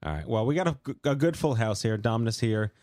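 A man with a New York accent hosting a casual talk show, rambling and joking through quick asides. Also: mid-range voice, expressive, darkish tone, no echo, clean studio sound. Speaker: show host. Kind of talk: casual talk-radio banter.

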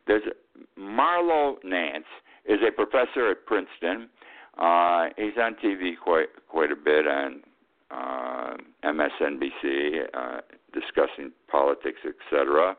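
Older man, radio talk host, very low voice, indignant, rambling monologue, phone-like sound. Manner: indignant, rambling, reads quotes from notes. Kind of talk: political commentary monologue. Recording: tinny phone-like line.

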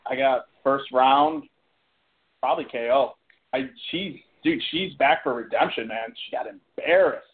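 A man's voice: medium pitch, measured pace. Hyped man co-hosting sports talk, phone-line sound. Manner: hyped, casual, slangy. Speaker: podcast co-host. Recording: phone-like internet radio audio.

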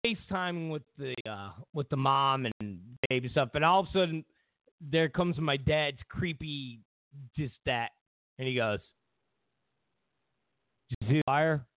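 Male commentary host, lively pitch swings, rambling opinionated monologue, dry thin phone-quality sound. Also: normal speed, dry recording. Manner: meandering storytelling with many fillers and restarts. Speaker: host of political commentary show.

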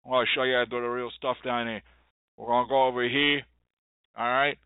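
A man putting on a conspiratorial shopkeeper who coaxes a customer in a low, hushed voice. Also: level tone, fairly quick, clean tone, no room sound, close to an everyday voice. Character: hushed, conspiratorial male shopkeeper peddling hoodoo. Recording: dry tinny phone-like sound.

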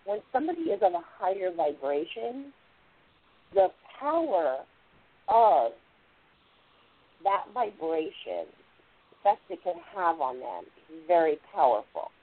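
A woman's voice: on the low side, sing-song, unhurried, pauses often. A woman hosting a spiritual radio show, explaining things in a rambling, casual way and often saying "like" and "literally". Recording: tinny phone-line radio audio.

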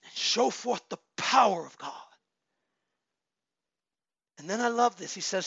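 Male pastor in his thirties, high gravelly voice, forceful preaching, dry lo-fi recording. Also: expressive, unhurried, no echo. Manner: exhorting, swings from loud shouts to low murmurs. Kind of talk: sermon. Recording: dull lo-fi sound.

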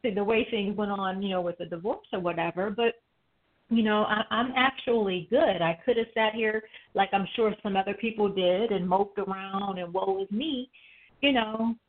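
A woman's voice: medium pitch, moderate pace. A woman co-hosting a casual chat, reflective and talking with many "you know" fillers. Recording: tinny phone line.

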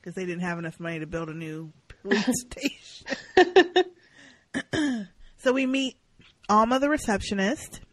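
Animated woman recapping a TV episode. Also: mid-range voice, unhurried, long pauses, rough recording. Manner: animated, acts out characters' lines. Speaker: podcast co-host. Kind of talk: casual recap chat.

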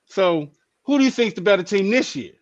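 A man co-hosting a casual sports talk show, playful and animated, often jumping into excited high outbursts. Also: fairly quick, no room sound, muffled recording.

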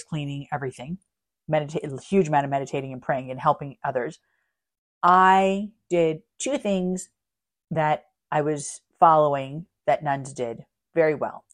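A middle-aged woman hosting a spirituality podcast, telling a personal story in a lively, self-mocking way and laughing at herself. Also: deep voice. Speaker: podcast host.

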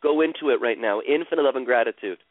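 A man's voice: medium pitch, quick pace, no room sound. Man, guided healing session, soothing, repetitive chanting phrases, tinny phone-line sound. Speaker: host guiding a caller through emotional healing.

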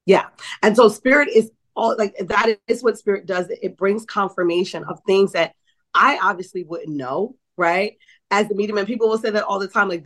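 This guest, a middle-aged psychic medium and author from New Orleans, shares animated stories in a conversational interview, voicing the quoted dialogue and checking in with many a "right?". She speaks at a moderate pace and medium pitch.

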